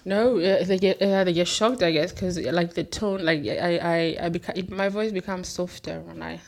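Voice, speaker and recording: A woman's voice: fairly low pitch, steady tone, moderate pace. A woman in her thirties from Africa, whose first language is Ndebele, chatting casually, laughing often and repeating words as she starts. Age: 30s. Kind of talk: casual chat.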